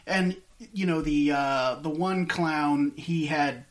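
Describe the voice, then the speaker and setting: A man's voice: a little high, slow. A man casually talking through a film scene with lots of fillers and restarts. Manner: rambling, animated retelling with many fillers. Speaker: podcast co-host. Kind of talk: casual movie discussion.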